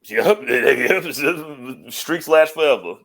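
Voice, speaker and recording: A man co-hosting a podcast in casual chat. He speaks in a low-key way and laughs a lot. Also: expressive, very slow, fairly bright tone. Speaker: podcast co-host. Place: podcast studio.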